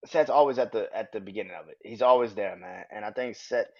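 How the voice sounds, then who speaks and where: A man hosting a podcast, talking casually and excitably about wrestling and swearing freely. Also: lowish voice, fast. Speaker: podcast host. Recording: dull lo-fi sound.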